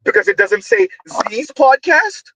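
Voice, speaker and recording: A man delivering a loud, emphatic commentary monologue, often shouting, full of slang, repetition and rhetorical questions. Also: very high-pitched, very animated, unhurried, no room sound, rough recording. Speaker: online commentator.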